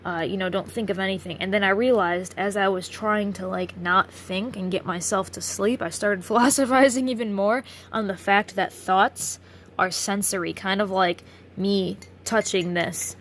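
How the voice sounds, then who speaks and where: A woman's voice: mid-range voice, fairly even intonation, unhurried, fairly bright tone, a little hiss or hum. A tired woman rambling through a late-night philosophical vlog, trailing off and swearing freely. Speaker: vlogger.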